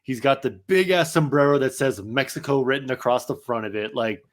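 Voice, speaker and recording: A man with a mid-range voice chats casually on a podcast. He tells stories in an animated way and swears heavily, acting out his own reactions. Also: medium pitch, fairly quick. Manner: animated, profane storytelling. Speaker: podcast co-host. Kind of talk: casual chat.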